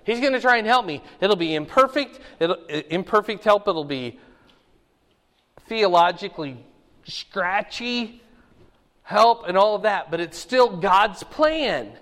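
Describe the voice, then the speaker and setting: A man with a fairly high voice delivers a teaching sermon in a casual, conversational way, regularly pausing to ask whether his listeners follow. His voice carries a long reverb from a large hall. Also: animated, fairly bright tone. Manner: conversational, checks in with the congregation often. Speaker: pastor.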